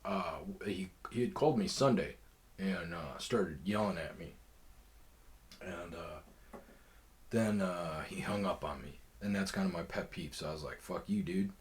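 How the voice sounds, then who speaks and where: A man's voice: deep voice, unhurried. A man hosting a podcast, telling a long personal story in a rambling, profane way with lots of fillers. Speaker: podcast host. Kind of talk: casual storytelling.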